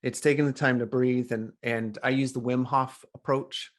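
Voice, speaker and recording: A middle-aged man, a coach, telling a story as a podcast guest in a lively, animated way. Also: mid-range voice, moderate pace. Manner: animated storyteller, acts out quoted voices. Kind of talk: casual storytelling interview.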